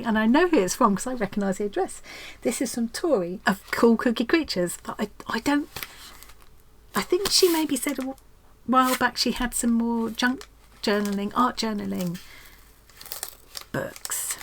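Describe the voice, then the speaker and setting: Chatty excitable woman opening craft mail. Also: on the high side, a little hiss or hum. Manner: chatty and excitable, gasping and laughing often. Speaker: craft channel host. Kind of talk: casual chat while unboxing mail. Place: indoors, craft room.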